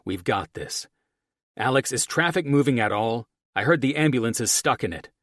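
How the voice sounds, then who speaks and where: A man's voice: medium pitch, animated, normal speed, a bit bright, voice pushed up. A male audiobook narrator voicing a firm, commanding doctor husband with an instructive manner. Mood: firm instructing. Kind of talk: audiobook character voice.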